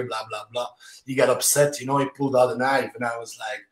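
A man, a martial arts instructor, chatting as a podcast guest. He tells stories animatedly in quick fragments, with many "you know"s. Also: mid-range voice, little pitch movement. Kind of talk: casual interview storytelling. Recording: roomy echo.

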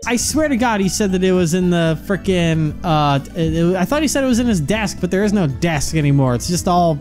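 A woman's voice: lowish voice, expressive, brisk, a little mellow, soft background music. A woman co-hosting a casual let's play, laughing a lot, chaotic and swearing freely as things go wrong. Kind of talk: casual game commentary.

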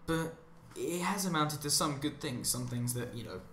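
A man's voice: on the high side, lively intonation, moderate pace, fairly bright tone, soft background music. Sarcastic rambling man, roomy echo. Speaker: commentary channel host. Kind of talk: rambling monologue over gameplay. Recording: roomy echo with faint ambience.

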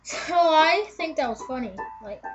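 A woman's voice: high-pitched, expressive, normal speed, soft background music. A young woman vlogging casually, rambling and chatty with lots of fillers. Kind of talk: casual video chat. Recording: dull lo-fi home video.

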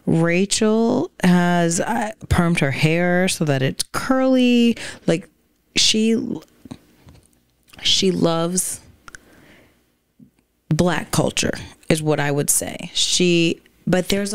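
A woman's voice: lowish voice, drawn-out words, smooth, no echo, studio quality. A young woman co-hosting a casual podcast, chatty and hesitant, full of fillers and restarts. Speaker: podcast co-host. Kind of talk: casual chat.

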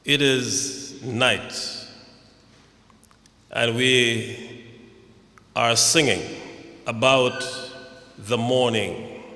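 Male preacher, measured and solemn, bright tone, in a reverberant hall. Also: mid-range voice, steady tone. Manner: slow, measured preaching with dramatic rising recitation. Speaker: preacher at a memorial service. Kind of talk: sermon. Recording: echoey hall.

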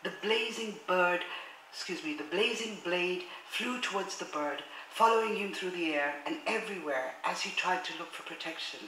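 Woman lecturer with a bright, crisp voice, formal read-aloud delivery, filler-heavy asides, roomy hall echo. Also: on the low side, moderate pace, slight background noise. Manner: hesitant between readings, many fillers and restarts.

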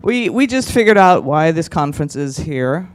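A man working the crowd at a conference, brash and mocking, with a fairly high voice and a loose, profane delivery. He speaks into a handheld mic on stage. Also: big pitch swings, normal speed, smooth. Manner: brash, teasing, swears freely. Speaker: stand-up comedian. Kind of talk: stand-up crowd work. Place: conference stage before a live audience.

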